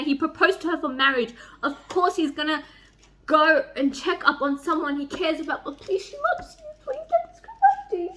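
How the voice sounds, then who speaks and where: A young woman vlogging at home about a book she is reading, reading passages aloud and reacting with excited squeals and swearing. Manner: gushing and excitable, swings into high squeals and swearing. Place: home, near a microwave.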